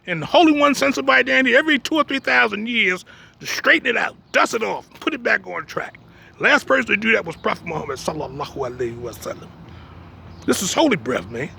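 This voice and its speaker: Delivering a sermon, a man with a very high, creaky, bright voice pushes forward in a forceful tone with a breathy edge. He's a blunt, emphatic religious teacher who keeps checking "you understand me?" and slips in streetwise jokes between his points.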